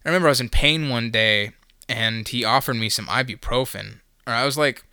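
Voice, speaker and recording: A man's voice: medium pitch, a little fast, sharp tone, smooth, no room sound, clean studio sound. A young man hosting a solo podcast, telling a rambling, profane, self-mocking story in casual chat.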